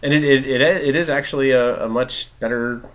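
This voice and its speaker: Brief: man, 30s, casual gaming podcast co-host, lively storyteller who acts out dialogue, laughs a lot. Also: mid-range voice, brisk. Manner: animated storyteller, acts out quotes, laughs often. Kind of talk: casual chat while gaming.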